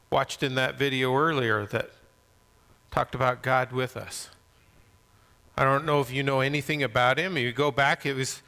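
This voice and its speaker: A man preaching a sermon, swinging from loud emphasis to soft near-whispers. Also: mid-range voice, long reverb tail. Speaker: pastor.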